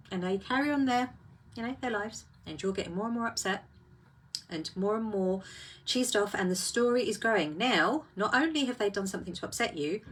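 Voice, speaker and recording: A woman's voice: mid-range voice, fairly bright tone, husky. A woman hosting a casual live talk, reflective and full of rhetorical questions.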